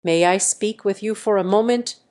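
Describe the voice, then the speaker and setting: A strong jungle-raised man speaks in plain, even statements, as a synthetic woman's audiobook voice reads him. His lines are calm and direct at a mid pitch. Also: moderate pace, natural voice. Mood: calm firm.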